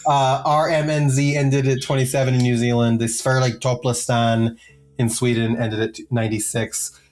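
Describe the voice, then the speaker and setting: A man's voice: mid-range voice, level tone, moderate pace, darkish tone, slight background noise. A man co-hosting a music podcast, casually reading out chart positions with lots of filler and joking asides. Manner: jokey, rambling, many filler ums. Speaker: podcast co-host.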